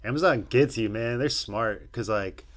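A young podcast co-host with a mid-range voice and moderate pace chats casually and profanely. He rambles loosely and puts on loud mocking voices when quoting people.

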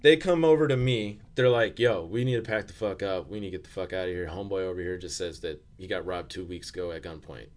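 A man's voice: low-pitched, fast talker, few pauses, a little mellow. Young man telling a rambling, profane story. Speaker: storyteller on a podcast. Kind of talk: casual chat.

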